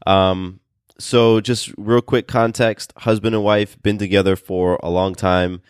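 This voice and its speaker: Deep bassy guy, casual podcast chat, kinda halting and earnest. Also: level tone, smooth, no room sound, studio quality. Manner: earnest, speaks in halting restarts; calls his own voice bassy today. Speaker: podcast co-host.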